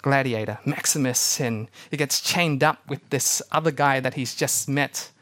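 A young man preaching a sermon to his church, telling stories with animated energy and acting out the people he quotes. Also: mid-range voice, measured pace. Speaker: pastor.

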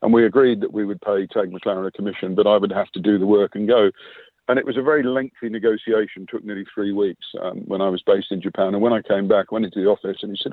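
A man's voice: on the low side, fairly even intonation, fast talker, dry recording. A man in his sixties, an interview guest, recalling past work in long reflective anecdotes full of quoted dialogue. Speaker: interview guest, former sponsorship manager. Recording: dry tinny phone-line sound.

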